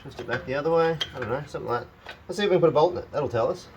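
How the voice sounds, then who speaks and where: In his home shed, a man who hosts a channel works on his truck and thinks out loud, talking to the parts with wry grumbles and frequent jokes at his own expense. His voice is on the high side and he races along. The recording has its highs cut off and a little hiss or hum.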